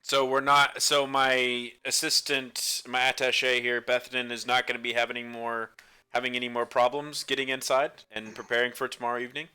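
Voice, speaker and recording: A man's voice: mid-range voice, little pitch movement, a little fast, pushed and bright, clean tone. A man playing a tabletop game who speaks in character as a lord, assured and courteous. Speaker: player.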